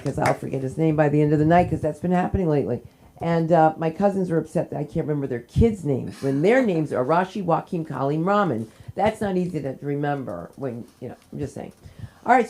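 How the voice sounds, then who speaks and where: A woman's voice: sits low, mellow, slight background noise. A woman from New Jersey hosting an open mic at a small comedy club, teasing the crowd and jumping from joke to joke. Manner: chatty, teasing, jumps between jokes. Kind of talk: live comedy hosting with audience banter.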